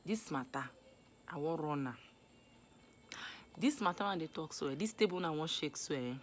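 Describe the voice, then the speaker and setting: A young woman with a Nigerian accent giving animated, scolding advice in a casual vlog. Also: low voice, normal speed, slight background noise. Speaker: vlogger. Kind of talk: casual Pidgin advice monologue.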